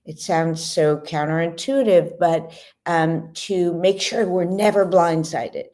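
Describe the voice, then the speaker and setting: Calm, low-voiced woman speaking slowly. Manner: calm, measured. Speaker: author and guest. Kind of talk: thoughtful explanation.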